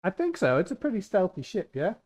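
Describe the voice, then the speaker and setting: A man's voice: high-pitched, huge pitch swings, fast, darkish tone. A man taking part in a tabletop role-playing game. He rambles and jokes while working out what his character would do, thinking aloud. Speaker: player. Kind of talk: casual tabletop play.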